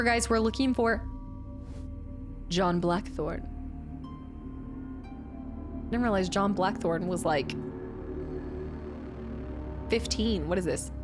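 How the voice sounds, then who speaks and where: A chatty woman streamer commenting playfully on a game as she plays, joking and reacting to her viewers. Her voice is a touch high, with soft game music running underneath. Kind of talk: casual live-stream commentary.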